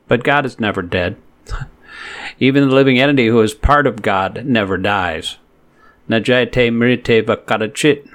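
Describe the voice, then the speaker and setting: A man reading verses aloud, chanting them slowly, then reading word meanings, translation and commentary with some halting and self-correction. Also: medium pitch. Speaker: scripture reader.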